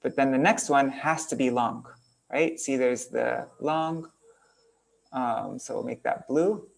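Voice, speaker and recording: A man's voice: mid-range voice, slow pace, creaky. A man teaching an online class, casually thinking aloud as he works on screen and chanting out syllable patterns. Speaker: kirtan teacher. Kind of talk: online class explaining verse meter.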